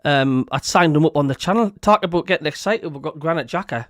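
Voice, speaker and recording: The host's slightly high voice moves quickly, with few pauses, in an echo-free, studio-quality recording. Telling stories with animation on his casual podcast, this Sunderland man laughs and quotes other people's voices.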